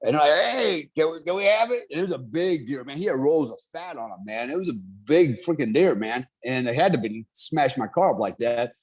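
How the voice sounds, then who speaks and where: A middle-aged man telling a story in casual, profane talk, animated and laughing often. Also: medium pitch, a little fast, hardly any pauses, slightly rough.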